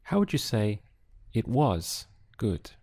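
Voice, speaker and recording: A man whose first language is Spanish, giving a slow audio language lesson and drilling phrases with patient pauses. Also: lowish voice, very animated, dark tone. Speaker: Spanish tutor.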